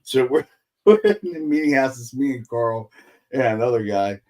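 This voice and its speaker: Swearing man telling lively stories. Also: mid-range voice, moderate pace. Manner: profane animated storytelling, acts out quotes. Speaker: paranormal investigator. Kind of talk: casual podcast chat.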